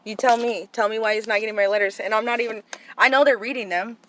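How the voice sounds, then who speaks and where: A woman's voice: fairly high pitch, steady tone, fast talker, fairly bright tone, slight background noise. Frustrated young woman ranting to camera. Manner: frustrated, ranting, constant "like" and "you know". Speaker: vlogger, aunt of a boarding-school student. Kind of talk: casual heated monologue.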